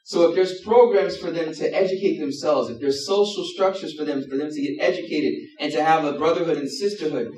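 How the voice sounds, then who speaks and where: A man preaching a sermon, telling a story with lively acted-out quotes and sudden shifts between loud and hushed. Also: on the high side, brisk, few pauses. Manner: animated storytelling, acts out quotes with sudden swings in loudness. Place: mosque hall. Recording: roomy hall, mic at a distance.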